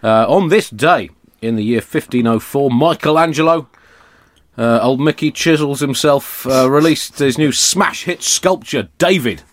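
A man's voice: mid-range voice, a little slow. A man with an English accent hosting a comedy podcast, dry, mock-formal and digressive. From Britain.

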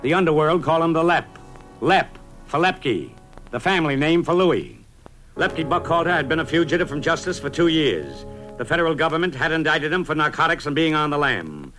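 A middle-aged man tells a first-person story in the punchy style of a vintage radio columnist. His voice sits a little higher than most men's, and his delivery stays brisk and dramatic. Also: very animated, bright, forceful tone, faint music behind.

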